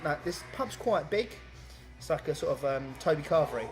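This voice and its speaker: A man's voice: on the high side, lively intonation, normal speed, faint music behind, low-quality recording. A young man telling a story on a podcast in casual, rambling, sweary chat full of fillers. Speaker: podcast co-host.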